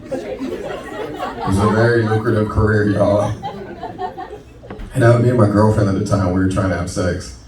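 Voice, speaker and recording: A man's voice: on the low side, steady tone, moderate pace, long pauses, far from the mic. A man in his thirties from Florida doing a profane, conversational stand-up set as a comedian. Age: 30s. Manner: brash, profane, conversational punchlines. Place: comedy club stage with audience laughter. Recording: roomy club recording with loud crowd.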